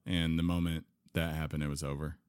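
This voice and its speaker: Male co-host, very low voice, relaxed and halting, dry sound. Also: clear, resonant tone, no room sound. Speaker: podcast co-host. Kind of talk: casual chat.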